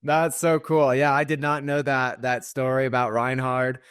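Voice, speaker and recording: A man hosting a podcast in a casual interview, halting and repeating his words as he speeds up in bursts. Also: mid-range voice, level tone, a bit bright, clear, resonant tone, no echo, clean studio sound. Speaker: podcast host.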